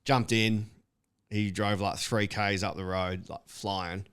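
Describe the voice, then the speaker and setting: A young man talking in a fairly low voice, spinning casual road stories. His speech is loose and slangy, full of swearing and filler words. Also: fairly even intonation, slow pace, fairly bright tone, clear, resonant tone. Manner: laid-back slangy storytelling, swears freely. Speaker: comedian and podcast co-host. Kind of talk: casual storytelling chat.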